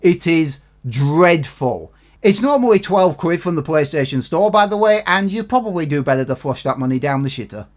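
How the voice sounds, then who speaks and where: A man's voice: on the high side, expressive, fast talker, few pauses. A man giving an exasperated, sweary, sarcastic rant in a game review.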